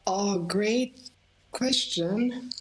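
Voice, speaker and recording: A woman whose first language is Norwegian, chatting casually as a podcast guest, giggly and animated. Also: medium pitch, drawn-out words, rough recording.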